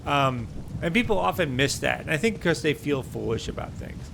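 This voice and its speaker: A man's voice: on the high side, big pitch swings, moderate pace, vocal fry, noisy background. An American man streaming a game, chatting with viewers in a rambling way with many fillers. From United States. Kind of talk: live-stream gameplay commentary.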